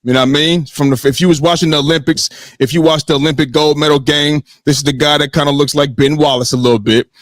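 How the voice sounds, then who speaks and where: A man hosting a sports podcast in casual, animated talk, swearing freely and often checking in with "you know what I mean". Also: fairly high pitch, fast, hardly any pauses, no echo, studio quality.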